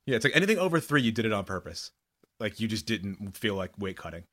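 A man co-hosting a sports talk show, explaining his views in a measured, conversational way. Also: fairly low pitch, sing-song, bright, forceful tone. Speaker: sports talk radio co-host.

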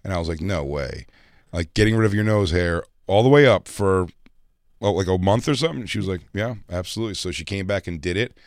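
A man's voice: low-pitched, fairly quick, no echo, clean studio sound. A male comedian hosting a casual talk show, telling stories animatedly and acting out the people in them. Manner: animated, acts out voices in his stories. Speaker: comedian podcast host. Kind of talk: casual storytelling chat.

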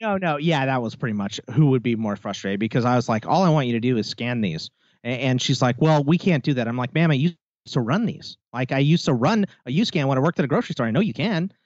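A man's voice: medium pitch, fast, no echo, dull audio. A man co-hosting a podcast, telling a story in casual chat and acting out the people in it. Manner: animated storytelling with quoted voices. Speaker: podcast co-host.

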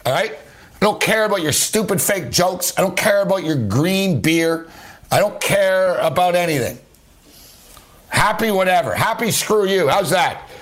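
A man's voice: high voice, expressive, unhurried, a bit bright. A man hosting a late-night sports talk radio show, ranting angrily and sarcastically.

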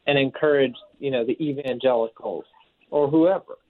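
A man talking on live radio, measured and thoughtful. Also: medium pitch. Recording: tinny phone-like line.

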